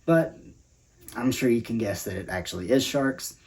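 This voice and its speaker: A man's voice: mid-range voice, expressive, normal speed, a little mellow. A man giving a casual spoken movie review, laid-back and conversational, with dry asides.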